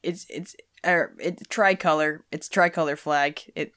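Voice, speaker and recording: A young woman with a lowish voice chats casually as a podcast host. She rambles, stumbles and restarts her sentences, with plenty of fillers. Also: steady tone, unhurried, fairly bright tone. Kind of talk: casual chat.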